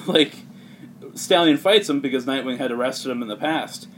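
A man's voice: mid-range voice, normal speed, a bit bright, a little hiss or hum. A man casually recapping a comic for friends, rambling with lots of filler words. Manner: rambling, heavy use of "like", laughs often. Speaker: podcast host recapping a comic. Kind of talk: casual chat.

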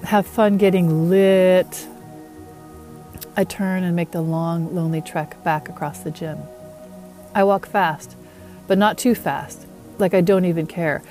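A woman's voice: on the low side, darkish tone. A woman author reading her first-person novel aloud in a wry, self-mocking tone.

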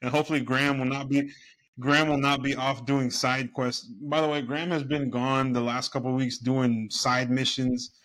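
A man's voice: medium pitch, level tone, normal speed, fairly bright tone. Rambling male podcast host. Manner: loose, rambling, searching for words. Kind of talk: casual chat.

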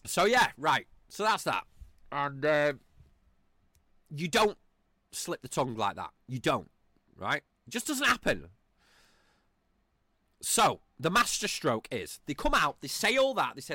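A man's voice: fairly high pitch, wildly swooping pitch, unhurried, pauses often, bright, forceful tone, no room sound, studio quality. A man hosting a podcast, delivering a profane, rambling and mocking rant on his own. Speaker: podcast host. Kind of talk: ranting podcast monologue.

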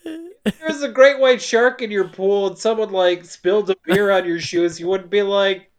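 A podcast co-host recapping a movie in casual chat, wry and quick to laugh. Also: medium pitch.

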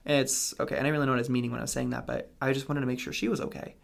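Racing through his words in a steady, medium-pitched voice with vocal fry, a young adult guest shares a personal story. It's casual and meandering, packed with "like" and "um."

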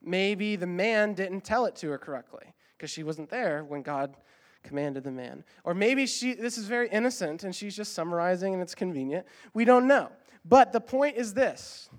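Earnest high-voiced male preacher. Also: lively intonation, normal speed. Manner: earnest, emphatic preaching with repeated exhortations; uses fillers like um and uh when explaining. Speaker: pastor. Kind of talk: sermon.

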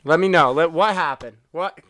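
A man co-hosting a podcast, chiming in with laughter and quick profane quips. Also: on the high side, a bit bright, no room sound, studio quality. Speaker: podcast co-host. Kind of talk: casual podcast chat.

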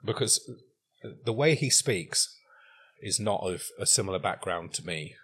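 A man's voice: low-pitched, expressive, a little slow, a bit bright, breathy edge. A man co-hosting a podcast, chatting casually in a laid-back way with dry remarks. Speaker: podcast co-host. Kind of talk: casual chat.

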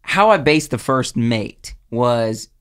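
A man's voice: mid-range voice, lively intonation, slow pace, fairly bright tone, clear, resonant tone. Male podcast co-host, casual studio chat, rambly and hesitant. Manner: rambling, searching for words.

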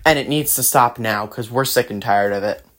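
A woman, hosting her own podcast. She rails against politics in an indignant monologue, hitting some lines loud and others low. The outbursts are heated and direct. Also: moderate pace. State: out of breath at times. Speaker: podcast host.

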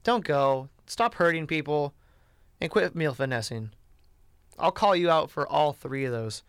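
A man's voice: a little high, expressive, measured pace, fairly bright tone, clean tone, no echo, clean studio sound. A man talking casually and bluntly in a rambling way, with lots of "you know" and "like". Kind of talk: casual chat.

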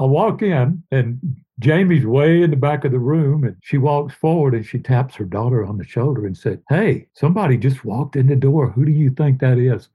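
A man's voice: medium pitch, slightly rough, dull audio. An older man, a guest telling long, rambling stories in a casual interview. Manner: rambling, warm anecdotes, sings made-up tunes.

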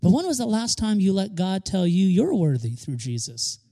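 A man's voice: high voice, very animated, moderate pace, warm tone. A man preaching a sermon as pastor, emphatic, repeating key phrases for stress and slipping in joking asides.

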